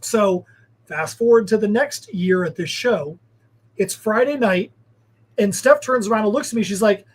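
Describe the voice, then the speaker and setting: A man's voice: high voice, normal speed, rough recording. A man, a guest comic creator, telling rambling anecdotes in casual chat. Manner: rambling storyteller, filler-heavy.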